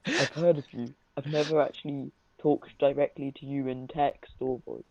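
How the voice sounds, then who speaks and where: A man's voice: medium pitch, steady tone, normal speed, vocal fry, darkish tone, no echo. A man joking around in casual stream chat. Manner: jokey, playful. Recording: muffled lo-fi mic.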